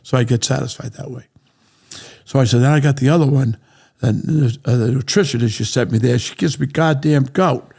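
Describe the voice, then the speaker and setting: An older man, a guest on a talk show, spins loose stories with a blunt, salty tongue. His voice is gravelly and husky at a middle pitch, and he keeps asking "right?" and laughing through his tales. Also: brisk, darkish tone. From Rhode Island, USA. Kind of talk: casual storytelling.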